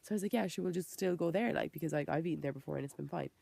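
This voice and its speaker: A woman's voice: sits low, rapid-fire, gravelly, warm tone, no echo. A woman with an Irish accent and a chest infection, talking in a rambling, frank vlog monologue full of "like" and self-corrections, swearing freely. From Ireland. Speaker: vegan vlogger.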